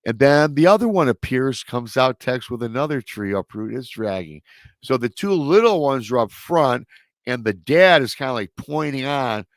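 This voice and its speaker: A man's voice: medium pitch, animated, normal speed, no room sound. A male host telling a story in a casual, rambling way, full of restarts and stock filler phrases. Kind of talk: casual storytelling on a live show.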